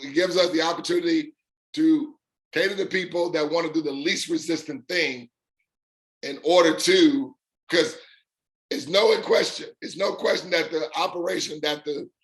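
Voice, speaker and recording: Emphatic man with a higher voice. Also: fairly even intonation, normal speed, a bit bright. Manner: emphatic, repeats phrases in punchy lists. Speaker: host of an online business community. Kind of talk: unscripted live talk.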